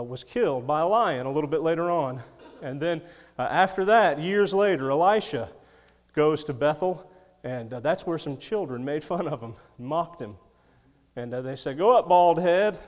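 A man's voice: a little high, expressive, moderate pace, long reverb tail. A man preaching a sermon, reading scripture and adding folksy, chuckling asides. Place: church.

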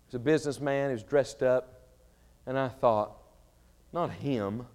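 A man preaching a sermon, swinging between shouted fervor and quiet storytelling. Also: mid-range voice, steady tone, moderate pace, clear, resonant tone. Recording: reverberant large hall.

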